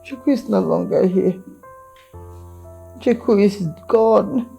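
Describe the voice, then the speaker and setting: A grieving old mother from a Nigerian drama, speaking in a gravelly, dark voice with a Nigerian accent. She pleads slowly and mournfully, each word weighed down with grief. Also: mid-range voice, soft background music. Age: older.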